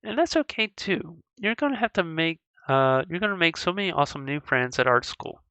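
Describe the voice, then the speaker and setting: This is a goofy, caring dad from a video game, earnest and fumbling his way through fatherly advice with gentle jokes, as a woman reads him. The sound is bright and dry, close to the mic. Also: fairly low pitch, lively intonation, fairly quick, no room sound, muffled recording. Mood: advising. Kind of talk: video game dialogue read aloud.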